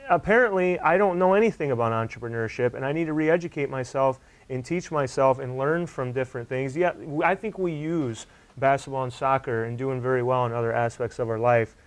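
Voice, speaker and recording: A young man co-hosting a podcast in loose, casual conversation. He talks with animated emphasis and leans on "like" and "dude" as he makes his points. His pitch sits mid-range for a man. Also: brisk, few pauses. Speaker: podcast co-host.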